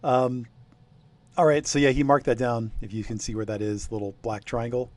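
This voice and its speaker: A man's voice: mid-range voice, flat delivery, moderate pace, darkish tone. A man running a tabletop game, talking casually with lots of hesitations and laughs. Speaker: game master.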